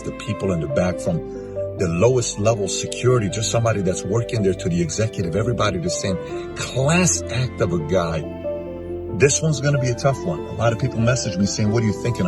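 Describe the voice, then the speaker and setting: A man in his forties hosting, giving an emotional spoken tribute in an earnest, emphatic, repetitive way. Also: deep voice. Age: 40s. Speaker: host. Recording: music bed underneath.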